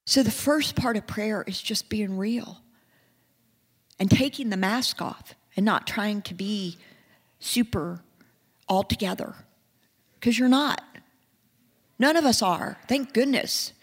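A woman preaching a sermon, earnest, moving from hushed and soft passages to rising, emphatic ones. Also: medium pitch, takes it slowly, pauses often, husky, big-room sound.

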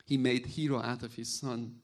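Guy preaching, middle-aged, animated storyteller, loose grammar. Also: mid-range voice, normal speed. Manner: animated storytelling, acts out voices, non-native grammar. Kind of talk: sermon with personal stories.

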